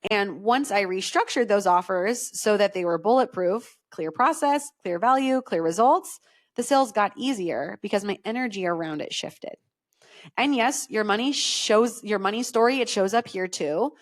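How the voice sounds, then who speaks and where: A woman's voice: medium pitch, animated, moderate pace. A middle-aged woman hosting a solo podcast, coaching her listeners in a conversational, emphatic way and often checking in with "okay?". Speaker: podcast host and business coach.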